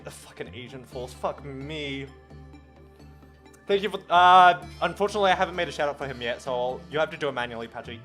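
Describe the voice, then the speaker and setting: A man's voice: sits high, fairly bright tone. A man chatting casually on a live stream while gaming. He stammers, restarts words often, swears freely and laughs at himself.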